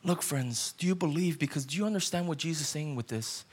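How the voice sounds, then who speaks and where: A man's voice: fairly high pitch, quick pace, breathy edge. A man, a pastor, preaching a sermon in an earnest way and putting questions straight to his listeners.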